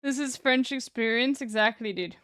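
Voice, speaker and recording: A woman's voice: on the high side, normal speed, a bit bright, clean tone, no echo, studio quality. A woman streamer chatting casually, blunt and laughing, swearing freely.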